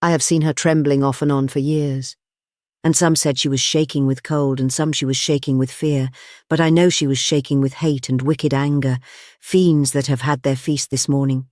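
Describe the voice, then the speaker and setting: A calm, sneering manservant with a hacking accent, insinuating and unhurried, as a male reader puts him on. His voice sits mid-range and sounds close and dry. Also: mid-range voice, no echo, natural voice. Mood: placid. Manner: placid, insinuating. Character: placid sneering middle-aged manservant.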